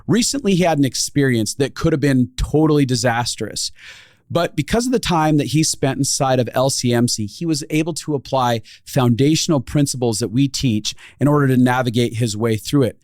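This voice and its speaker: A man's voice: medium pitch, fairly quick, a little mellow, no echo, clean studio sound. A man hosting a podcast, introducing the episode in an upbeat, promotional way. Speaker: podcast host.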